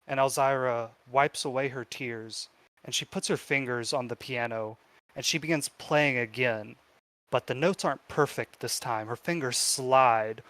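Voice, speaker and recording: A man narrating a tabletop game as game master with slow, descriptive storytelling. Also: mid-range voice, fairly bright tone.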